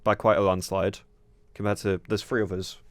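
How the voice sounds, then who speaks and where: A man's voice: on the low side, level tone, moderate pace, no echo. A young man hosting a podcast, ranting heatedly and swearing in casual chat. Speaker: podcast host.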